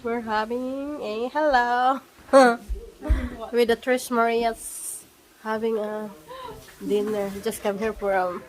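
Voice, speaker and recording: A woman's voice: on the high side, steady tone, crowd noise. A Filipino woman vlogging a backyard dinner with friends on her phone, chatty and playful, laughing often. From Philippines. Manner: giggly, slow and playful, greets everyone. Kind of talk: casual vlog chat at a dinner. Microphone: handheld phone camera.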